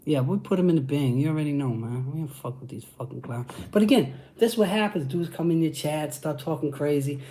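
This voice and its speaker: Brooklyn guy w a new york accent hosting his livestream, gets hype and cusses a lot, mellow low-key tone. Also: brisk, hardly any pauses. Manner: hyped, profane street talk with constant "you know what I'm saying". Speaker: channel host. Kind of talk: livestream chat with viewers.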